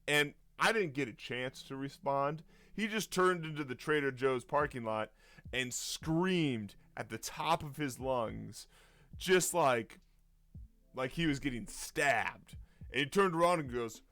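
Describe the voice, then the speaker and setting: A man, a youth pastor, telling a story in a casual, lively way and chuckling often. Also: mid-range voice, a little slow, dry recording.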